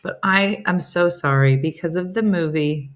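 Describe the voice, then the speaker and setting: Low-voiced chatty woman hosting a show. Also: moderate pace. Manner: chatty and self-mocking, breaks into laughter. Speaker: host of a morning livestream chat show. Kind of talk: casual live chat, reading viewer comments aloud.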